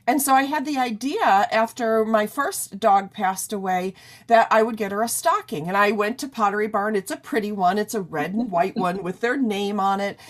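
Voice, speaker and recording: A woman's voice: medium pitch, moderate pace. A middle-aged woman hosting an interview in a chatty, rambling way, full of "you know". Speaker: radio interview host. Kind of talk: casual chat.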